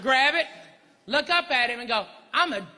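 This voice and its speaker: A man performs a brash, profane stand-up set, firing off punchlines in a strikingly high voice. The room is a big hall with long reverb, and a loud audience laughs throughout. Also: expressive, moderate pace, background noise. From Arkansas, US. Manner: brash, profane, punchy delivery with crowd work. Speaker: stand-up comedian. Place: large comedy venue with live audience.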